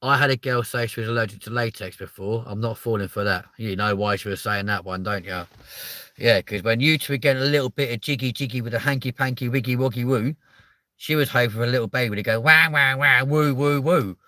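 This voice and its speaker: Sweary rambling Englishman, bright dry voice. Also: mid-range voice, fast, dry recording. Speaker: live stream host. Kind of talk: casual live stream chat.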